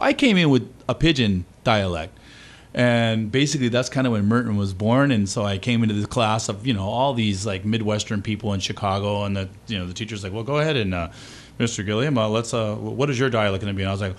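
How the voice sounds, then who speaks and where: A man's voice: fairly low pitch, fairly quick. A man from Maui telling stories as a guest in a casual talk show chat. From Maui, Hawaii. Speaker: actor guest.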